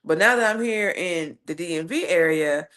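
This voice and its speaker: A woman with a Southern US accent hosts a casual live stream, reading viewer comments and telling stories in a sassy, animated way. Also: lowish voice, normal speed. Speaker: livestream host.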